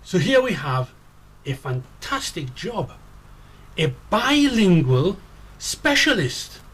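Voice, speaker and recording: A man with a Geordie accent, a Toastmaster, giving a slow, declamatory speech excerpt. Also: high-pitched, sing-song, fairly bright tone, husky. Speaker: guest speaker, Toastmaster.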